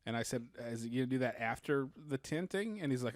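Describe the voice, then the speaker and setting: Male podcast co-host, mid-pitched, rambling storyteller, dry close mic. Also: animated, a little fast, no echo. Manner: rambling anecdotes, acts out the people he quotes. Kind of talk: casual storytelling chat.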